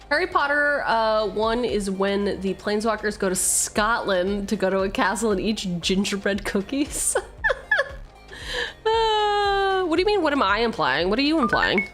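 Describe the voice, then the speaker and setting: A woman's voice: mid-range voice, lively intonation, measured pace, a bit bright, soft background music. A woman streamer chatting casually and swearing freely while opening card packs, laughing often.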